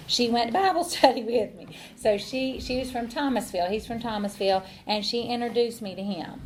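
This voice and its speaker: A woman's voice: medium pitch, slight background noise. A middle-aged woman, telling her recovery story in a rambling way, with many fillers and restarts, and laughing at herself. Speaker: AA speaker. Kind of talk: personal recovery talk.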